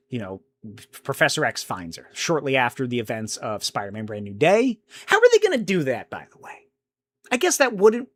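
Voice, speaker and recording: Animated young man rambling on a podcast. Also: mid-range voice. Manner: rambling, animated, swears casually, thinks aloud. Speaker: podcast host. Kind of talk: casual solo podcast talk answering chat.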